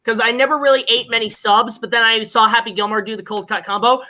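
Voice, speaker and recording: A woman's voice: on the high side, steady tone, fast talker, bright, forceful tone, rough recording. A woman hosting a stream, chatting casually, joking and rambling with a lot of swearing. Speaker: stream host. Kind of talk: casual chat.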